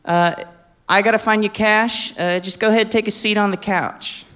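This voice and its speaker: A man's voice: sits high, fairly even intonation, normal speed, fairly bright tone, clear, resonant tone, pitched above the performer's own voice. A man voicing a flustered woman who hurries a visitor inside, in a raised, apologetic voice. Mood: hurried. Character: flustered woman, a customer at home.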